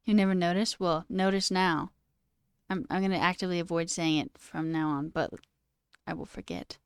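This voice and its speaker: Chatty young woman streamer, low-pitched. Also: steady tone, brisk, smooth, no echo, clean studio sound. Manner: chatty, laughs often, says okay and all right a lot. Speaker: livestream host. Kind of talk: casual stream chat.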